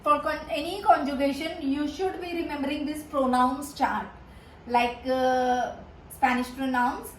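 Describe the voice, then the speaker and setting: Woman tutor, Hindi native speaker, unhurried and halting, faint hum behind her. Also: sits high, fairly even intonation. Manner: hesitant, many pauses and fillers. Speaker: Spanish tutor. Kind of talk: slow explanatory lesson. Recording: echoey room with faint background hum.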